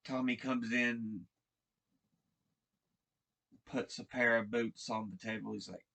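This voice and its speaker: A man casually retelling a TV episode, halting and repeating words as he restarts his sentences. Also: mid-range voice, little pitch movement, bright, forceful tone. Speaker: show recap vlogger.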